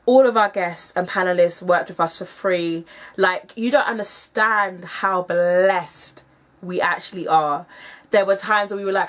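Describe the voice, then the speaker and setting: A woman's voice: medium pitch, normal speed, fairly bright tone. A woman from the UK talking straight to her viewers in a vlog, emphatic and emotional, repeating herself for effect. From United Kingdom. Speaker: vlogger. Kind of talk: direct-to-camera vlog.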